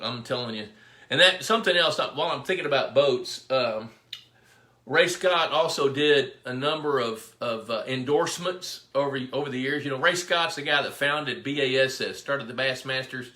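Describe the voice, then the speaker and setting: A man's voice: mid-range voice, normal speed, bright, forceful tone. Rambling man in an echoey room. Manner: rambling storyteller, greets viewers by name. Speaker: fisheries biologist hosting a live pond Q&A. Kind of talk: casual live-stream chat. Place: indoor room with his dog.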